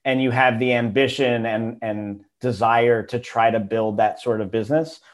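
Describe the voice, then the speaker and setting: Guy investor on a podcast, laid back, lots of kinda and like, mid pitch. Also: moderate pace. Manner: relaxed, many fillers like "kinda" and "like". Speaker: venture investor guest. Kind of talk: casual interview.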